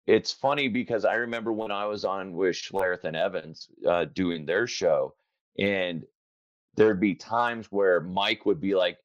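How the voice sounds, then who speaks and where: A man's voice: low-pitched, unhurried, dry recording, highs cut off. A man hosting a podcast in casual, joking chat, often slipping into silly voices. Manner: joking, animated, slips into voices. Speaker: podcast host.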